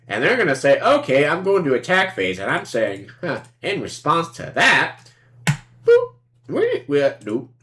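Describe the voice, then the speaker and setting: A woman's voice: low voice, wildly swooping pitch, unhurried, a bit bright. A woman streamer giving casual commentary on a card game, playful and sarcastic, acting out both sides of the table and swearing freely.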